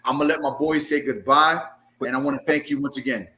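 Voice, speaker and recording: A man's voice: medium pitch, steady tone, fast, pushed and bright, slight background noise. A man hosting a podcast, talking casually and thanking his guest with lots of fillers. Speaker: podcast host.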